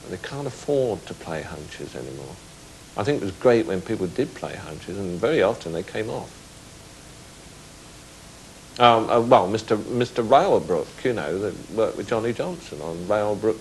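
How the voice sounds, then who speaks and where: Low-voiced man reminiscing haltingly. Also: very animated, a little hiss or hum, low-quality recording. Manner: halting, repeats words while recalling. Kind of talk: interview recollection.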